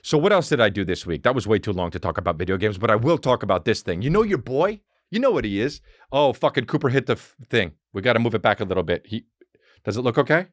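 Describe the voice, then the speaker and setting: A man's voice: lowish voice, fast talker, no room sound, studio quality. A man hosting a podcast, talking in a rambling, profane, comedic monologue. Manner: animated, rambling, heavy swearing. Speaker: podcast host.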